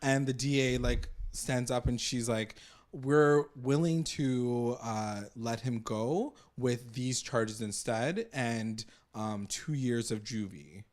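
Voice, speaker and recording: A man co-hosting a casual podcast, retelling scenes in animated quoted voices and laughing often. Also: mid-range voice, slow pace. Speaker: podcast co-host. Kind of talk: casual chat.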